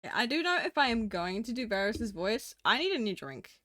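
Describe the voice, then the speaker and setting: Woman streaming late, casual chat w/ her viewers, swears a lot, laughs, higher voice, slow & bouncy. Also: big pitch swings, sharp tone, no room sound. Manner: chatty, swears freely, laughs often, talks to chat.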